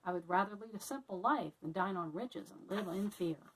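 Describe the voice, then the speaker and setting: A woman's voice: mid-range voice, moderate pace, a bit bright, a little hiss or hum, natural voice, poor audio. A woman doing a timid little country mouse. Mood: earnest. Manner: simple, earnest and easily frightened.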